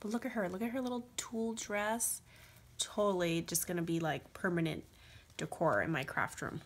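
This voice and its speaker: A woman's voice: lowish voice, moderate pace, breathy edge. Gushing woman unboxing craft goodies. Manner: gushing, says "like" and "oh my gosh" often. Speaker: craft vlogger. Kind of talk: excited unboxing vlog. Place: home craft room.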